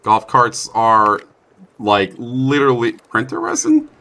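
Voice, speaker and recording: A man's voice: medium pitch, wildly swooping pitch, slow, vocal fry, pushed and bright. A young man commentating his own gameplay in a chatty, self-mocking way, with sudden startled outbursts. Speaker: streamer playing a survival game. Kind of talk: let's play commentary.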